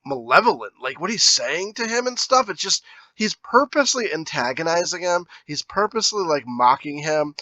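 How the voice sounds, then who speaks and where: A man's voice: a little high, very animated, normal speed, sharp tone, dry recording, highs cut off. A man co-hosting a casual movie-review podcast, musing aloud with lots of filler words. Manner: musing, hedging with fillers while laying out a theory. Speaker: podcast co-host.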